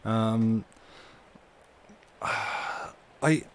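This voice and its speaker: A man's voice: lowish voice, extremely slow, a little hiss or hum. Rambling man chatting to stream chat. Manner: rambling, self-interrupting, chuckling asides. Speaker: streamer reading stories aloud. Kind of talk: casual chat with live chat.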